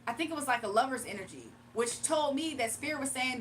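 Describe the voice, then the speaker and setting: Livestream tarot host, woman, bright high pitch, animated and laughing, light background hum. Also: fast. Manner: animated, laughs often, talks back to chat. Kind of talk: casual livestream chat.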